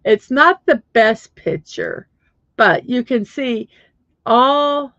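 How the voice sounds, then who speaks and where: A woman's voice: a little high, sing-song, slow pace, a bit bright, dry recording, dull audio. A middle-aged woman hosting a casual livestream, chatting in a rambling way with many fillers while she searches for things on her computer. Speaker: livestream host.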